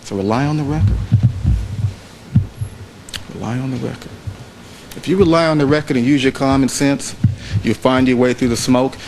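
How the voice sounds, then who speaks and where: A trial lawyer giving a closing argument to a jury in a courtroom, speaking in a measured way and repeating phrases for emphasis. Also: male voice, mid-range voice, vocal fry, darkish tone, a little hiss or hum, low-quality recording.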